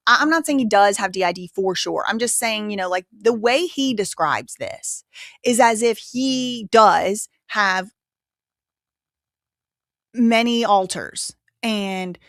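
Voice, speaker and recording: A woman's voice: mid-range voice, a bit bright, no echo. A woman hosting a live show in a loose, rambling commentary style. She circles back and repeats phrases as she talks things through. Her voice sits mid-range, and the recording is close and dry. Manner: rambling, repeats herself, quotes others. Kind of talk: casual commentary.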